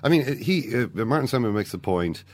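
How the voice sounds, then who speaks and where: A man's voice: medium pitch, lively intonation, normal speed, no echo. A man hosting a casual football discussion podcast, talking in a rambling way with many fillers and restarts. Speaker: podcast host.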